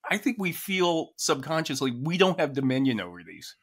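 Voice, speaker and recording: A man co-hosting a podcast in casual chat, talking in halting phrases full of restarts. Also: fairly high pitch, very animated, a bit bright, husky. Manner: halting, restarts phrases, reads poetry aloud. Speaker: podcast co-host.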